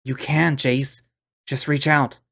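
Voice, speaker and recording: A man voicing a calm young male friend who coaxes and soothes, in a visual novel. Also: mid-range voice, takes it slowly, gravelly, voice pushed up, full character voice. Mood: soothing. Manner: soothing, coaxing.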